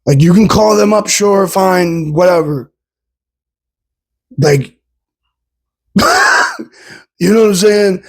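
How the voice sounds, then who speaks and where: A man's voice: sits high, slow pace, pauses often, a little mellow. A young man ranting casually as a vlogger, heated and profane, tacking "bro" and "dude" onto his sentences. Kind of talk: casual rant.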